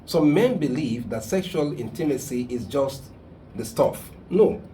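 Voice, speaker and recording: A man's voice: mid-range voice, expressive, measured pace, warm tone, a little hiss or hum. A man hosting a call-in advice show, speaking in an emphatic, preachy way that gets heated. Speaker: radio call-in host and counselor.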